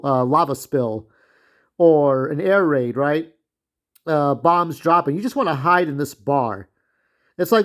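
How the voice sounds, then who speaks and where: Profane rambling male vlogger, fairly high-voiced. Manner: profane, rambling, with frequent restarts. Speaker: channel host. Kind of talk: ranting commentary vlog.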